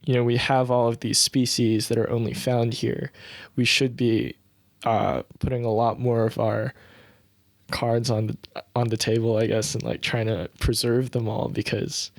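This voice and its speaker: A young Australian man chatting on a podcast, rambling with lots of fillers and getting animated. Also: mid-range voice, moderate pace, creaky, no echo. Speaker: podcast host. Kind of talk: casual chat.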